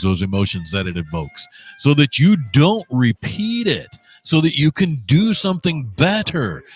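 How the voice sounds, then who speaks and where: A man's voice: fairly high pitch, a bit bright. A man in his fifties hosting a morning radio show, talking in a preachy, rambling, folksy way. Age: 50s. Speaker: radio host. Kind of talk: opinionated radio monologue.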